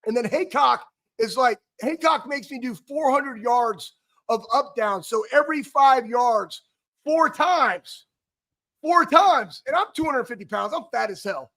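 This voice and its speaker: Really high voiced guy in his 40s, excitable, rambling co-host story. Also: moderate pace. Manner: excitable, rambling, stumbling restarts. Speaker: co-host, former player. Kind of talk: animated storytelling.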